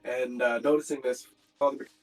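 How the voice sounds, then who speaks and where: A man narrating a tabletop role-playing game as game master, in halting, filler-filled speech. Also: medium pitch, fairly even intonation, faint music behind, poor audio.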